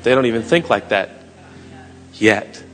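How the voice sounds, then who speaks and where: A man in his thirties preaching a sermon with passion, his voice climbing to shouts and dropping to quiet asides. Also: fairly low pitch, lively intonation, measured pace. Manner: impassioned preaching, rising to shouts. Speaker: pastor. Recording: long hall reverb, music behind.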